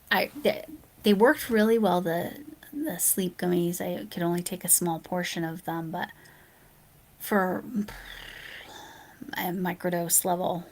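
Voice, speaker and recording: A woman chatting casually on a late-night livestream, answering viewer comments aloud and often dropping into a soft near-whisper, sleepy and yawning. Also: lowish voice, vocal fry. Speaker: live streamer.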